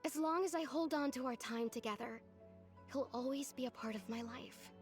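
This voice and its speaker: A woman voicing a heartbroken young woman from a video game who puts on a brave face, speaking in a wistful, softly resigned way. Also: high-pitched, moderate pace, soft background music, close to an everyday voice.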